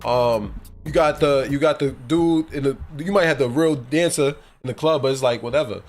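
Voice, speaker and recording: A man's voice: mid-range voice, moderate pace, faint music behind. A man in casual podcast chat, talking in long rambling runs and often adding "you know what I mean".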